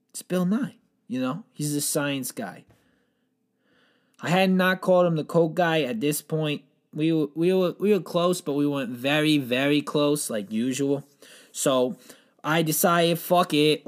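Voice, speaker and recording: Rambling deadpan man telling absurd stories. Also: a little high. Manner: rambling, deadpan, swearing, acts out panicked quotes. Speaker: comedic storyteller. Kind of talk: absurd improvised comedy monologue.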